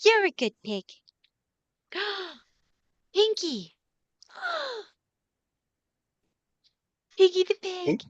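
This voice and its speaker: A woman voicing a cheerful, playful little girl in a tabletop game, with high, lighthearted squeals. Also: huge pitch swings, very slow, long pauses, no echo, full character voice. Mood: doting. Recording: dull, muffled stream audio.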